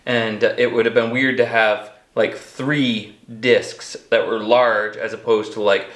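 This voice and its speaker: A man's voice: on the low side, little pitch movement, slow, fairly bright tone, reverberant. A man hosting a casual cooking demonstration in a kitchen, joking and poking fun at himself as he rambles through the recipe. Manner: joking, self-mocking, rambling. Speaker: outdoor cooking show host.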